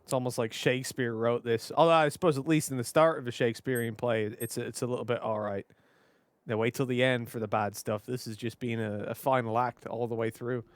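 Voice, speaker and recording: A man doing color commentary on a live esports match, animated and joking, on a headset mic. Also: mid-range voice, brisk. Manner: animated, laughs often, joking storyteller.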